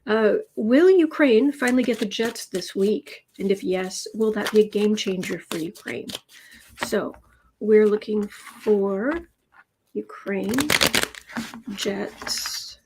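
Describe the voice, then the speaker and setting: A woman's voice: medium pitch, measured pace, noisy background. Chatty woman hosting a tarot stream. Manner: chatty, rambling with restarts. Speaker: tarot reader host. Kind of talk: casual livestream chat.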